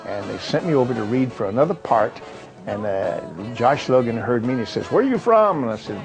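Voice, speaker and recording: A man's voice: mid-range voice, a little fast, creaky, over music. An older man from Kentucky, a retired actor, recalling his career in a rambling way with fillers and restarts. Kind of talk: reminiscing monologue.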